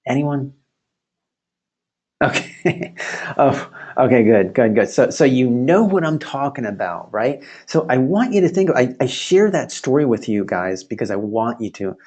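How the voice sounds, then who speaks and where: Over a video call, a male instructor teaches a virtual class at medium pitch. He tells a story in an animated, chatty way and laughs often.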